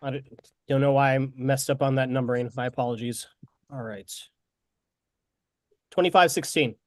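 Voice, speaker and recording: A man's voice: medium pitch, steady tone, moderate pace, dry recording, studio quality. A man helping run a committee meeting, speaking hesitantly and apologizing often. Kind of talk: running a meeting.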